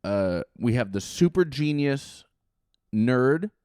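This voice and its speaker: A man co-hosting a podcast, recapping a film in casual chat with sarcastic, animated jabs and frequent swearing. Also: mid-range voice, slow pace, smooth, no echo, studio quality. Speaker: podcast co-host.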